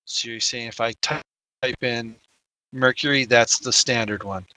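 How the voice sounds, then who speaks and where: A man's voice: medium pitch, normal speed, pushed and bright. A man chatting brashly and profanely with his team in a gaming voice chat. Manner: brash and profane, laughs at his own stories.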